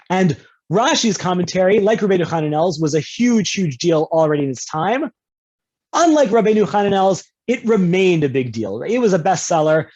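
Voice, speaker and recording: Man lecturing conversationally over a video call. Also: a little mellow. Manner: conversational, often checks in with "right?"; playful with examples, jumps into higher pitch for quoted speakers. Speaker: rabbi teaching a class. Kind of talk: online lecture on Jewish law. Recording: dull lo-fi video call audio.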